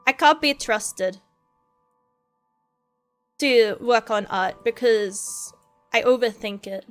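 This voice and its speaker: Casting: young female streamer, high voice, slow unhurried delivery, rambling and self-deprecating. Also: clean tone, faint music behind. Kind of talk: casual chat while drawing.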